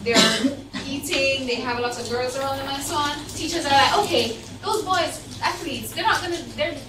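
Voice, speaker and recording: Woman student chiming in, high voice, lots of like and you know, echoey far mic. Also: moderate pace, background noise. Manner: rambling, full of fillers. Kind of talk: classroom discussion. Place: classroom.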